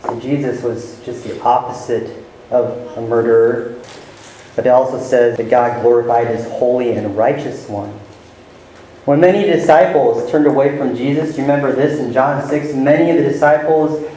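A man's voice: medium pitch, steady tone, normal speed, dark tone. A man preaching a sermon, teaching verse by verse and stressing key words with rising emphasis. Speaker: pastor. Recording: very echoey room with faint ambience.

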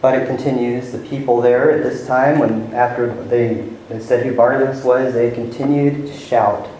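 A man's voice: medium pitch, fairly even intonation, normal speed, warm tone, a little hiss or hum. A man preaching a sermon, teaching verse by verse and stressing key words with rising emphasis. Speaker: pastor. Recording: very echoey room with faint ambience.

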